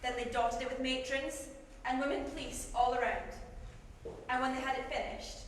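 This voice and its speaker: A woman's voice: sits high, fairly even intonation, moderate pace, slight background noise. A woman narrating a rhyming verse on a live stage. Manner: recites in rhyme. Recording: echoey hall recording from far off.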